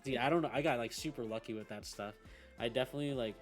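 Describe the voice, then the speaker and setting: A man's voice: mid-range voice, fast, soft background music. A young man chatting casually about card games, rambling, swearing freely and laughing often. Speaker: team member on a gaming podcast. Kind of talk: casual chat.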